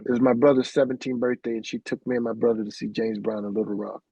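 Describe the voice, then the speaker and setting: Gravelly, husky middle-aged man telling stories. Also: medium pitch, monotone, quick pace, mellow, no echo. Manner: rambling anecdotes peppered with "man". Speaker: interview guest, keyboardist. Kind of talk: casual storytelling interview. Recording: dry, dull lo-fi sound.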